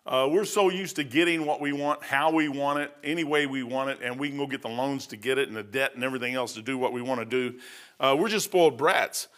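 Preaching at a quick clip in a mid-range, slightly bright voice, this middle-aged man from the United States mixes scripture with stories. His style is plainspoken and homespun, chatty, full of filler words and side remarks.

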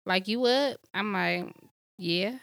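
A woman's voice: mid-range voice, slow. A young woman co-hosting a podcast, telling candid stories in casual chat and acting out the quotes. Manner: candid, animated storytelling with acted-out quotes. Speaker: podcast co-host.

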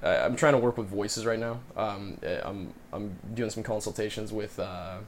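A man's voice: on the low side, moderate pace, a little hiss or hum. A man co-hosting a podcast in casual chat, talking in a rambling way about his acting classes and writing. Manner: rambling, many restarts and fillers. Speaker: podcast co-host and acting student.

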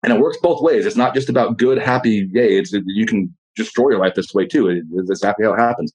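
Man, podcast guest, rapid delivery, raspy voice, profane, animated. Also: lowish voice, poor audio. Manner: blunt, profane, animated storytelling. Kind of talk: casual motivational talk.

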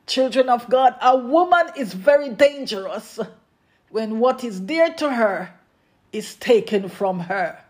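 A preacher in full sermon mode, talking at a slow, deliberate pace. The delivery leans on emphatic repetition and calls out directly to the listeners, with each line given room to land. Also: medium pitch. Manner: emphatic, repeats refrains and addresses the congregation directly.

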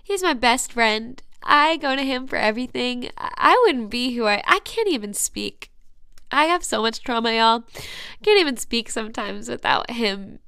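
A woman's voice: fairly high pitch, animated, moderate pace, creaky, bright, forceful tone, smooth, no echo, studio quality. A young woman hosting a personal faith podcast, earnest and emotional, often dropping to a whisper. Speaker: podcast host.

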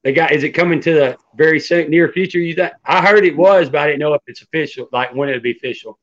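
A man's voice: fairly high pitch, fast. A man hosting a podcast, chatting loosely and hyping his guests. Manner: hyped, loose, lots of "man" and "dude". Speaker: podcast host. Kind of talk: casual interview chat. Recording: dull lo-fi audio.

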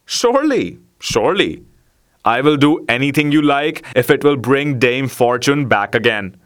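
A man's voice: mid-range voice, expressive, measured pace, fairly bright tone. A man voicing a hungry, eager male pet dog who growls and grumbles in a storybook reading. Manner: gruff, eager.

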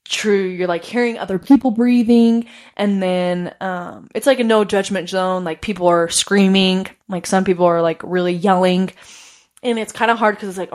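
This podcast host talks at a measured pace in a medium-pitched, slightly mellow voice. She tells a personal story conversationally, laughing a lot and peppering her speech with "like."

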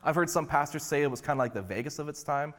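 Male pastor, storytelling sermon delivery, a bit high-pitched, reverberant hall. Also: fast, a bit bright. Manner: conversational, storytelling.

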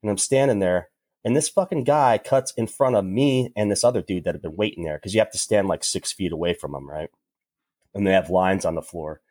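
Husky low-voiced man joking crudely. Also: a little fast, a little mellow, dry recording, studio quality. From New York. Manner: crude, joking, laughs often. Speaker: podcast co-host. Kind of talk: casual chat. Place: upstate New York.

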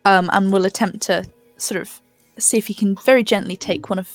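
A woman's voice: medium pitch, steady tone, fairly quick, faint music behind. A woman playing a tabletop game, describing her character's actions tentatively. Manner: tentative, thoughtful. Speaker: player. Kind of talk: tabletop role-play.

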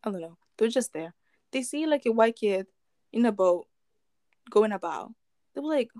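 A woman's voice: fairly high pitch, lively intonation, moderate pace, pauses often, warm tone, no room sound. A woman casually retelling a true crime story, rambling with fillers, restarts and chuckling asides.

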